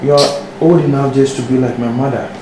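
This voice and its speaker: A man's voice: medium pitch, fairly even intonation, a little fast, close to an everyday voice. A man with a Ghanaian accent playing a young man confronting an older woman, in a web drama. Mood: stern. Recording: echoey room with noise.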